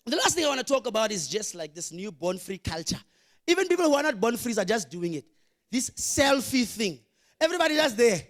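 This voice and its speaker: A young Namibian man doing a stand-up comedy routine, animated, shouting his punchlines and acting out characters. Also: very high-pitched, fairly quick. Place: comedy venue with live audience.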